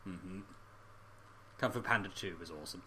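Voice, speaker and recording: A man's voice: low voice, normal speed, bright, forceful tone, breathy edge. A man co-hosting a casual podcast chat, enthusiastic, laughing often and chiming in with agreement. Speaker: podcast co-host.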